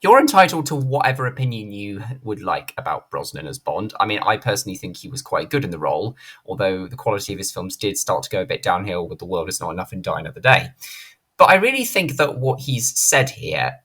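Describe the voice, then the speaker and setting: A man's voice: on the low side, sing-song, brisk, fairly bright tone, slightly rough. Man, channel host, opinionated monologue, blunt, indignant, swears freely. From Britain. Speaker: channel host, film commentator.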